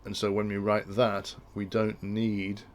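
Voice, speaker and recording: A man's voice: on the low side, monotone, a little slow. A man explaining industrial control logic in a tutorial, thinking aloud and often restarting his sentences. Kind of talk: technical tutorial walkthrough.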